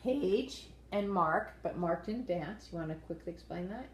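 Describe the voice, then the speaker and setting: A woman co-hosting a casual dance-show review, measured and agreeable, steering the talk. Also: on the low side, lively intonation, echoey room, rough recording.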